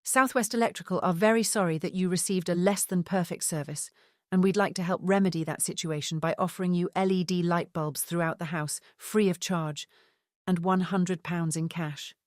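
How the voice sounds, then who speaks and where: A woman voicing a cheerful young woman who poses as a saleswoman, in a strong Essex accent and with bright sales patter. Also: lowish voice, fairly even intonation, normal speed, no echo, studio quality, close to an everyday voice. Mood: chirpy, salesy.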